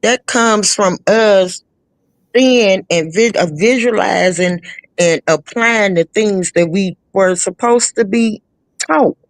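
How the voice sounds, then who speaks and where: A woman's voice: mid-range voice, slow, no echo. A blunt, profane woman, speaking in a casual live chat. She often restarts her sentences mid-thought. The sound is dry and close.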